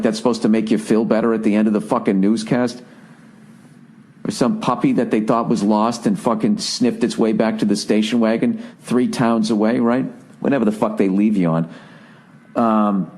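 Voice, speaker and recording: A man's voice: fairly low pitch, darkish tone. A man hosting a podcast, delivering a profane, sarcastic comedic rant with exasperated energy. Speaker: podcast host. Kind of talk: ranting comedic monologue.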